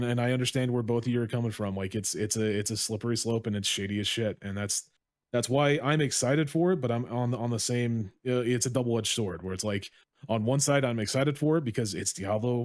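A man's voice: medium pitch, fairly even intonation, quick pace, a little mellow, dry recording, clean studio sound. Casual rambling male podcast co-host. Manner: rambling, many restarts, swears casually. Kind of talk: casual chat.

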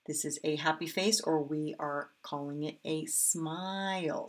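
A woman teaching a phonics lesson to young children, cheerful and slowly sounding out each word. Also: low voice. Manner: cheerful, slow and drawn-out when sounding out words. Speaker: kindergarten teacher.

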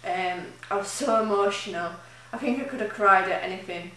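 A woman's voice: mid-range voice, fairly quick, bright, forceful tone, a little hiss or hum. Chatty woman in an echoey room. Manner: chatty, emotional, rambling with fillers. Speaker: charity runner keeping a video diary. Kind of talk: casual video diary. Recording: very echoey room, mic at a distance.

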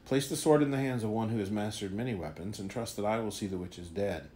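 A man's voice: on the low side, quick pace, mellow, slight background noise, lightly acted. A man doing a mysterious, ominous hooded stranger.

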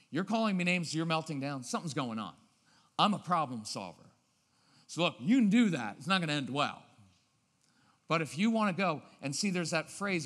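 A man giving a live parenting seminar, acting out scenes and switching between loud and quiet, low-key tones. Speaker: parenting speaker. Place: church auditorium. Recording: long reverb of a large hall.

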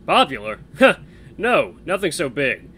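A man voicing a friendly, straightforward young guard who talks loud and hearty. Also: fairly high pitch, big pitch swings, unhurried, slight background noise, voice pushed up, exaggerated voice.

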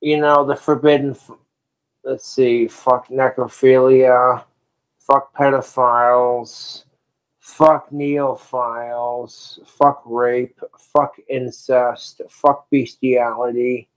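A man's voice: medium pitch, flat delivery, slow. A man ranting on a livestream, swearing heavily and drinking alcohol as he talks. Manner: profane, ranting, drinking on stream. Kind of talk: livestream rant.

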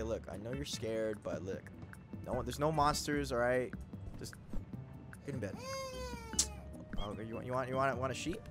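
A man's voice: mid-range voice, normal speed, long pauses, fairly bright tone. A man giving casual horror game commentary, jumpy, swearing and joking at the game. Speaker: gaming video creator. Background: game music.

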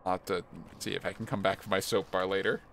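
A man's voice: sits low, level tone, fast talker, creaky, fairly bright tone, slight background noise. A man streaming a video game, joking and rambling casually as he plays and reads the game's text aloud. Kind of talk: casual let's-play commentary.

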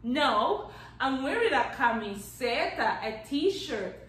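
Playful woman teacher for children, high and slow-paced, echoey room. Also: distant mic. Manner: animated and playful, claps out syllables, counts down magic tricks. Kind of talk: children's language lesson.

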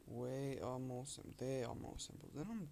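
A man giving casual commentary while playing a game, rambling and muttering to himself, sometimes quiet and sometimes loud. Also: mid-range voice, normal speed. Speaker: gamer with own channel. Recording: loud background noise.

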